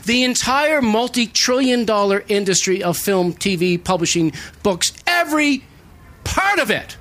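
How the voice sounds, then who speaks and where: A man on a writers' panel, animated and swearing freely as he tells stories. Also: sits high, normal speed, a little hiss or hum. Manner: animated, profane, storytelling. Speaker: author on a panel. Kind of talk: panel discussion.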